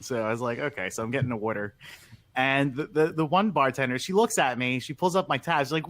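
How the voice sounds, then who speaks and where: A man's voice: medium pitch, a little fast, a bit bright. A young man with a Philadelphia accent, chatting casually as a podcast co-host, telling rambling stories and acting out what people said. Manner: rambling storyteller, acts out quotes, many restarts. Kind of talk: casual chat.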